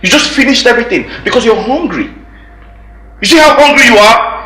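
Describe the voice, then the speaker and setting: An actor with a Nigerian English accent playing a stingy home owner who harshly scolds and lectures a guest, repeating himself. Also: male voice, extremely high pitch, expressive, fairly quick, sharp tone, full character voice. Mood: scolding. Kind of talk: film drama acting. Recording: echoey room.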